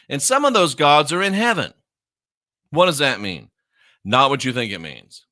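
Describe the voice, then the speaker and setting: A man's voice: medium pitch, sing-song, normal speed, long pauses, sharp tone. A man teaching scripture in a combative, mocking way, hammering points with emphatic repetition. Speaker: minister. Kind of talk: confrontational Bible teaching.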